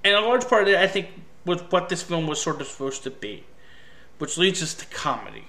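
A man with a high, bright voice delivers a ranting film review. He sounds exasperated and sarcastic, and he swears freely as he picks the movie apart. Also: lively intonation, a little fast.

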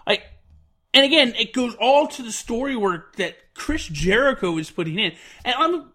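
A man's voice: very high-pitched, expressive, normal speed, sharp tone. A man giving an enthusiastic, rambling spoken review, full of fillers. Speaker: wrestling reviewer.

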